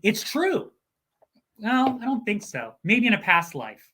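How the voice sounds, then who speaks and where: A man's voice: high-pitched, big pitch swings, a little slow, bright, forceful tone. A man co-hosting a show, mixing casual chat with joking, playfully scripted ad reads. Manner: jokey, playful. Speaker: co-host.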